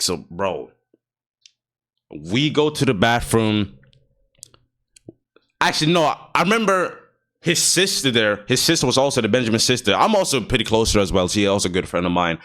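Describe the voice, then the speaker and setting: A man's voice: on the low side, sing-song, moderate pace, long pauses, fairly bright tone. A young man vlogging a casual storytime, slangy and profane, laughing often and sometimes dropping to a near-whisper.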